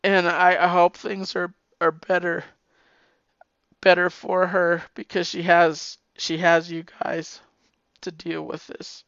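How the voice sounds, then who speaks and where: A middle-aged man and podcaster giving a heartfelt, emotional message, halting and repeating his words, tearful at times. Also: high voice, monotone, fairly bright tone, clear, resonant tone, no echo, muffled recording.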